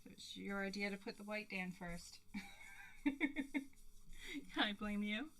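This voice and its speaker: A woman hosting a live crafting stream, excitable and giggly as she chats to her viewers. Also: mid-range voice, slow pace. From Canada. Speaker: craft livestream host. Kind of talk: live crafting demo chat.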